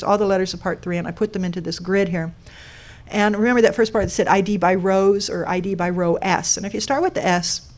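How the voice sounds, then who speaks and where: Woman presenter, explanatory, questions to the room, live talk. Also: mid-range voice. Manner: explanatory, asks the audience questions. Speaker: speaker giving a talk on a code sculpture. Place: lecture room with an audience.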